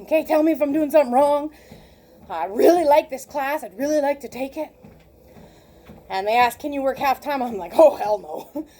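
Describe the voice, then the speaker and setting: A woman in her late forties telling a personal story in a casual, animated way, laughing often and acting out the conversations she recounts. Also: high voice, slight background noise. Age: 40s. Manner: animated, laughs often, acts out quoted exchanges. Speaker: vlogger.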